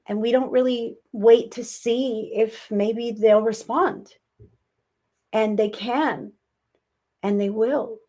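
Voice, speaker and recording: A woman hosting a live psychic reading stream, talking to viewers in a warm, soothing, reassuring way and often repeating herself. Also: a little high, fairly even intonation, takes it slowly. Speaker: psychic medium livestream host.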